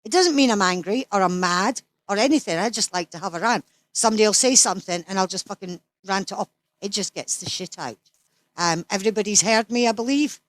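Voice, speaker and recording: A woman's voice: mid-range voice, fairly quick, no room sound. Blunt, foul-mouthed Scottish woman in her sixties. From Scotland. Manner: blunt, swears freely, ranting. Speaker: interview guest. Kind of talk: casual chat.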